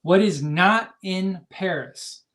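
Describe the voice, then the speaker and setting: A woman's voice: lowish voice, slow, a bit bright. A woman co-hosting a casual livestream, chatty, reading quiz questions and facts aloud. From Florida, US. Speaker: co-host reading trivia.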